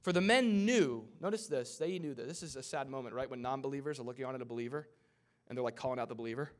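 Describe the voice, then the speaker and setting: A man preaching a sermon, retelling a scripture story in a casual way with asides and quick character voices. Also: mid-range voice, a little mellow. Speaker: pastor.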